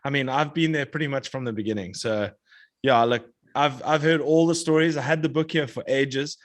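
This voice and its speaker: Relaxed male podcast guest. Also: mid-range voice, brisk. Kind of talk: casual chat.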